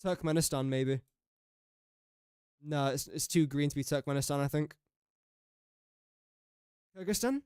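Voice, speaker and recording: A young man talks through a live game stream, musing aloud and poking fun at his own mistakes. His voice sits a little high and comes across smooth and clear. The sound is dry and close, with no room around it. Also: a little slow, long pauses, darkish tone, no echo. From England. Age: young adult. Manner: chatty, jokey and self-mocking, thinking aloud. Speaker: gaming streamer. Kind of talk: casual live-stream commentary.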